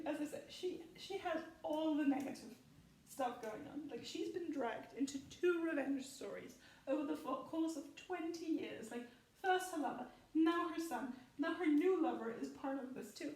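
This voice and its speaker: A woman's voice: high voice, darkish tone, far from the mic. A woman in casual spoken commentary who rambles with lots of fillers and laughs often. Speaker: film commentary vlogger. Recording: echoey room, voice off-mic.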